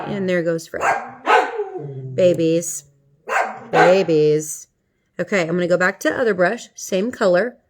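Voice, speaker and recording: A middle-aged woman talking viewers through a makeup tutorial in a chatty, playful way. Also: medium pitch. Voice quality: chatty, playful, talks to viewers as she works. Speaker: makeup vlogger.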